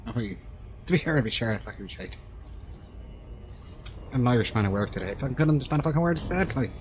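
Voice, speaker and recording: A man's voice: medium pitch, lively intonation, fast, a little hiss or hum. A man streaming a space game, chatting casually, swearing freely and laughing easily. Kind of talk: casual gaming chat.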